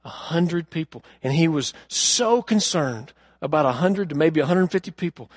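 A man preaching a sermon, telling a story earnestly and asking the congregation questions, moving from loud emphasis to hushed lines. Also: a little high, lively intonation, normal speed, no echo, studio quality. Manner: addresses the congregation directly with questions. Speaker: pastor.

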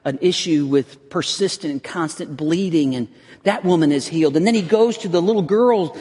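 A man's voice: on the high side, normal speed, dark tone, breathy edge. A man preaching a sermon as a pastor, earnest and building to intense emphasis, with frequent restarts. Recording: long reverb of a hall.

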